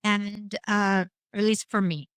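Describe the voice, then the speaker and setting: A woman's voice: mid-range voice, steady tone, unhurried, a bit bright, clear, resonant tone, dry recording. Middle-aged woman, frank and wry, rambly storytelling, dry close mic. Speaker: podcast guest. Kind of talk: candid conversation about grief.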